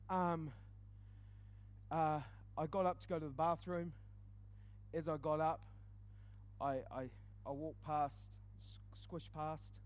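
A man preaching a storytelling sermon, swinging from loud exclaims to hushed asides. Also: a little high.

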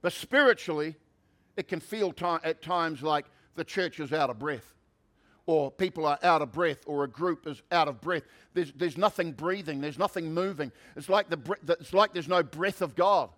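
High-voiced man preaching a sermon. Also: normal speed. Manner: conversational, builds to loud preaching. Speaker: pastor.

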